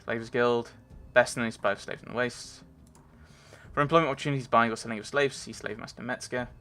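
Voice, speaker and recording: Bright-voiced man rambling over gameplay. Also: medium pitch, fairly even intonation, brisk. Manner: rambling, thinking aloud, reads on-screen text. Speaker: let's play gamer. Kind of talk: casual gameplay commentary.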